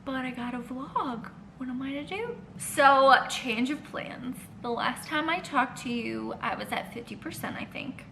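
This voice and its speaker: Bright-voiced, animated woman vlogger. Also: high-pitched, a little slow, gravelly, hardly any pauses, slight background noise. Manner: animated, swears often, rambling. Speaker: book vlogger. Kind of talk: casual reading vlog.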